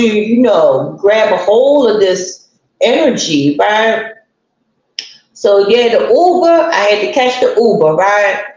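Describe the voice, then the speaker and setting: Chatty woman on a live stream, talks slow, lots of echo, kinda muffled audio. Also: on the high side. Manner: chatty, greets viewers mid-story, colloquial. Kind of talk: casual storytelling to live chat. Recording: very echoey room, dull lo-fi sound.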